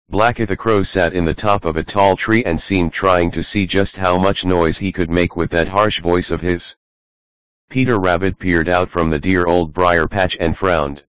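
A man calmly narrating a children's storybook audiobook. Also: deep voice, moderate pace, smooth, no echo.

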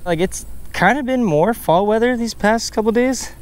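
A man casually talking through a fishing vlog outdoors at a pond, bursting into excited exclamations. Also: high-pitched, moderate pace, clear, resonant tone. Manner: excitable, bursts into loud exclamations over catches. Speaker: fishing vlogger.

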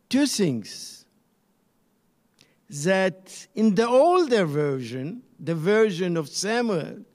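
A man lecturing on the Bible, slow and searching, pausing and restarting as he thinks. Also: high voice, in a large hall. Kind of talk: online lecture.

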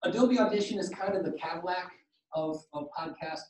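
A man giving a podcasting workshop to a live audience, animated and jokey, acting out quoted exchanges. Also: high voice, brisk. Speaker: workshop presenter. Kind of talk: conference talk with slides and Q and A. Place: conference room. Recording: roomy, distant room mic.

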